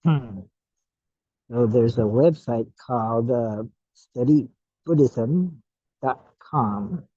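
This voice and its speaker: A man giving a slow, musing talk on his own Buddhist study, with many fillers and pauses. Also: mid-range voice, warm tone, no room sound. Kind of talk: casual self-study talk. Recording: muffled lo-fi recording.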